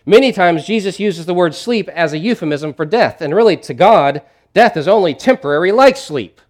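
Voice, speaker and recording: A middle-aged man preaching a sermon in a conversational way, swinging between loud emphatic lines and quiet ones. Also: high-pitched, expressive, moderate pace, hardly any pauses. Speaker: pastor.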